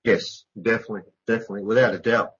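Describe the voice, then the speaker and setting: A man's voice: on the low side, steady tone, rapid-fire, a bit bright, breathy edge. A middle-aged man, an author speaking as a radio interview guest, earnest and emphatic, repeating words for stress. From Australia. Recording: dull lo-fi radio recording.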